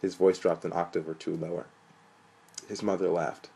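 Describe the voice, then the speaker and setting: Low, gravelly young male narrator. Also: level tone, moderate pace, mellow, poor audio. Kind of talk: reading a story aloud.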